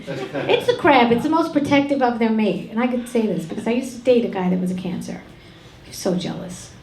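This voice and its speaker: A middle-aged woman performing a stand-up comedy set on a club stage, deadpan and brash with crude punchlines. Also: fairly high pitch. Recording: echoey room, loud audience noise.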